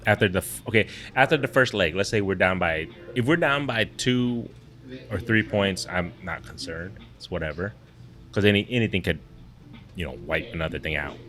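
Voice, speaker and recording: A man's voice: sits low, moderate pace, a bit bright, soft background music. A man co-hosting a fishing podcast from a brewery, chatting casually with a rambling, laid-back manner. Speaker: podcast co-host. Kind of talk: casual chat. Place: brewery taproom.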